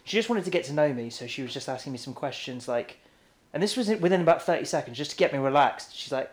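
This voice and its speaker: A woman co-hosting a podcast, telling an anecdote in a casual, animated way and laughing easily. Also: rumbling low. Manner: animated storyteller, quick to laugh. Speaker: podcast co-host. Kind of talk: casual chat.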